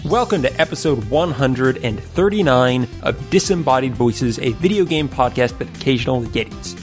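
A man's voice: medium pitch, animated, normal speed, soft background music. A man hosting a video game podcast, bantering playfully with his co-hosts in mock exasperation and laughing often, on a mic with a pop screen. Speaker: podcast host. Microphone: studio mic with pop screen.

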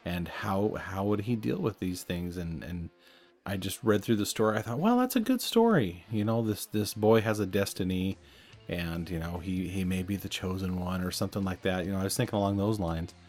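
A podcast host with a deep, steady, slightly mellow voice chats casually at a normal speed. He speaks in a reflective, conversational way and chuckles at himself now and then.

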